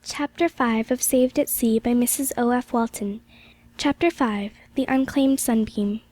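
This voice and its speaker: A woman reading a classic novel aloud as an audiobook, in gentle, measured storytelling narration. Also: a little high, fairly even intonation, no echo. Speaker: audiobook reader.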